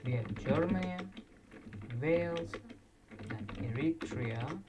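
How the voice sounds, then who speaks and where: A man's voice: a little high, expressive, slow pace, background noise. A man casually commenting while playing a flag quiz, thinking aloud and correcting himself. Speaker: quiz video creator. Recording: distant mic with loud keyboard typing. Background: keyboard clicks and typing.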